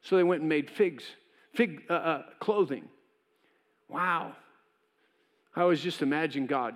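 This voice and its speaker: A man's voice: a little high, moderate pace, pauses often, a bit bright, long reverb tail. A man pastor preaching a sermon in a conversational way, acting out short voices of the people in his story. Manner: conversational preaching, acts out voices of God and Cain. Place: church.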